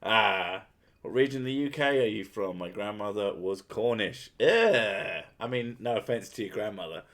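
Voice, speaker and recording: A man's voice: fairly low pitch, expressive, moderate pace, fairly bright tone. A man from North Wales hosting a live stream, chatting crudely and laughing often. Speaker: streamer host. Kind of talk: casual live-stream chat.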